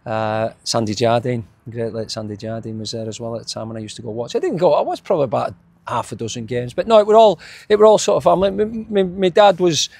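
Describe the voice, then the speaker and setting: A man's voice: mid-range voice, fast talker, gravelly, darkish tone, breathy edge. A middle-aged man with a Yorkshire accent, a former footballer reminiscing in a casual interview, rambling with frequent restarts and chuckles. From England.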